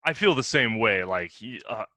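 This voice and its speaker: A man hosting a casual chat, relaxed, laughing often and telling his own stories. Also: lowish voice, normal speed, dry recording. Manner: relaxed, laughs often, short agreeing replies.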